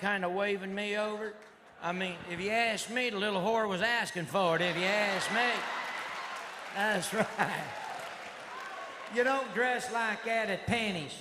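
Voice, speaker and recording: High-voiced southern guy ranting stand-up, live hall, loud crowd noise behind. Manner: rowdy rambling redneck drawl, often shouting punchlines. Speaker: stand-up comedian. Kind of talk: stand-up comedy routine. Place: comedy club stage before a live audience. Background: audience laughter and crowd noise.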